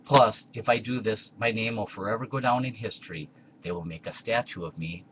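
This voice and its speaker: A man's voice: on the low side, fairly quick, lo-fi sound, a little hiss or hum, close to an everyday voice. A man voicing Pontius Pilate as a blunt, vain Roman in a comedy skit. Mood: smug.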